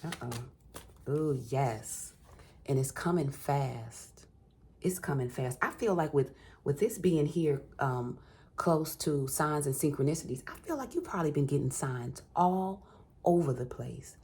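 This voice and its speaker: Very deep husky woman reading tarot. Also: lively intonation, a little slow, darkish tone. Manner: encouraging, repeats phrases for emphasis, calls listener baby and honey. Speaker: tarot reader.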